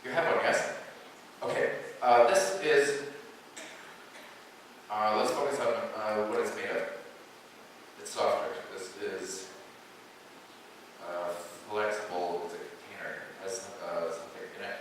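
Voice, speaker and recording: A man's voice: on the low side, fairly even intonation, unhurried, pauses often, a little hiss or hum. A man from Colorado working as a stage mentalist, giving live stage patter with wry jokes to the audience. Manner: wry, joking asides to the audience. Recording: echoey hall from far off.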